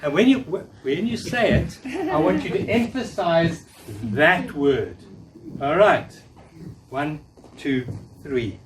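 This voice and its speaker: A man's voice: on the high side, lively intonation, slow pace. A man in his fifties giving a live talk, coaching and encouraging the audience in a room. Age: 50s. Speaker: workshop speaker. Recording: distant mic, faint noise.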